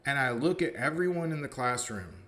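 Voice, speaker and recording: Bright and forceful, his medium-pitched voice moving with lively intonation at normal speed, a male philosophy professor tells a casual story, leaning on "you know" and dramatizing what others said.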